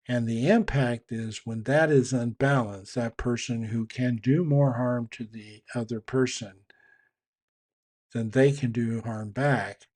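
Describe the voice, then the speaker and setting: A man's voice: mid-range voice, a little mellow. A man giving a conversational, explanatory talk on trust and leadership, with frequent restarts. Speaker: trainer on communication and leadership.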